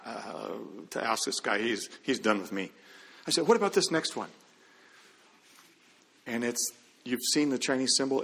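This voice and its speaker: A man's voice: medium pitch, a bit bright, husky. A middle-aged man giving an earnest, conversational testimony as a Christian businessman, with quoted dialogue. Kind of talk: storytelling testimony. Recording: long hall reverb.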